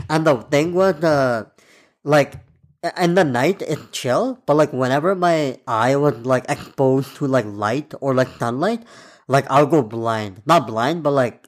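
Guy in his 20s, rambling podcast story, swears a lot, mid-pitched voice. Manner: loose, profane and rambling, full of fillers. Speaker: podcast host. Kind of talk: casual storytelling monologue.

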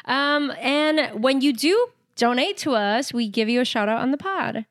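A woman's voice: high-pitched, expressive, unhurried. A young woman co-hosting a podcast in casual chat, blunt and giggly, swearing freely. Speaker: podcast co-host.

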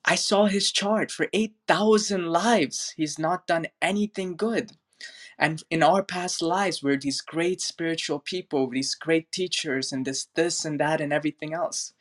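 A man's voice: fairly high pitch, a little slow, fairly bright tone, pitched above the performer's own voice. A man voicing a group of indignant male disciples in a spiritual story, protesting in a raised voice.

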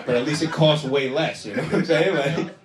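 A man's voice: on the high side, a little fast. A young man doing a stand-up set, loose and profane, riffing with the crowd. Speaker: stand-up comedian. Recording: echoey room recorded from afar.

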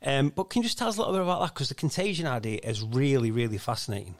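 A man's voice: mid-range voice, racing. A man hosting a podcast, asking his guest questions in a hesitant way with fillers. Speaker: podcast host. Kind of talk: interview questions.

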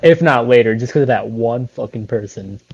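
A young man co-hosting a podcast, rambling slowly in casual chat, swearing and teasing. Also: medium pitch, creaky, a little mellow, breathy edge, no room sound. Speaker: podcast co-host. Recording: dry, slightly dull close audio.

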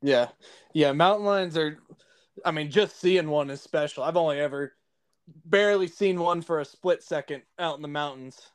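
A man hosting a podcast interview, chatting casually with relaxed, short affirming replies. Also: fairly high pitch, normal speed, clean tone. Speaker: podcast host.

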